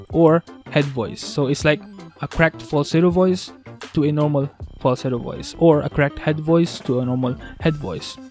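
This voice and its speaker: A man's voice: mid-range voice, darkish tone. Man explaining beatbox vocal technique. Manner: halting, restarts, thinks aloud. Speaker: beatbox teacher. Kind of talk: casual tutorial explanation.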